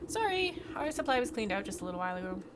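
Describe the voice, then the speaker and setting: A woman's voice: on the high side, very animated, racing, background noise. A woman voicing a timid, lovesick male beekeeper who stammers and fawns over his queen. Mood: worried. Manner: fawning, stammering.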